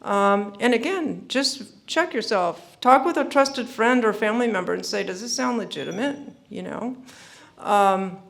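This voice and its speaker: Gravelly-voiced woman giving earnest advice. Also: mid-range voice, lively intonation, a little slow. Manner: earnest, repeats herself, many fillers. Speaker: speaker at a senior scam-prevention summit. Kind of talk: informal presentation.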